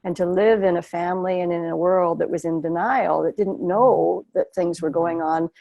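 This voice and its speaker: Earnest woman guest, low voice with a fry edge, emotive spiritual talk. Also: fairly even intonation, moderate pace, dark tone, dry recording, highs cut off. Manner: earnest, emotive, speaks in flowing repeated phrases. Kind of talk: heartfelt spiritual conversation.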